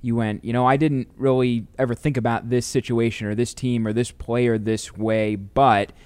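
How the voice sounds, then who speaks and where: Smooth-voiced man from St. Louis hosting. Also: medium pitch, level tone, normal speed, a little mellow, no room sound. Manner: conversational, long winding questions. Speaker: podcast host. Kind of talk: podcast interview.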